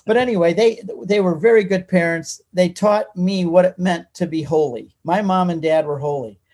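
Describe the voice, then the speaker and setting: A man telling his life story as an interview guest, animated and talkative. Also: high-pitched, moderate pace. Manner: animated and talkative, reciting from memory. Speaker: guest author. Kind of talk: personal storytelling in a conversation.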